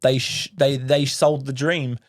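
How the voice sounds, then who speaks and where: A man's voice: medium pitch, little pitch movement, measured pace. A man in his thirties with a New Zealand accent, a podcast guest telling an emotional story, swearing freely and acting out other people's voices.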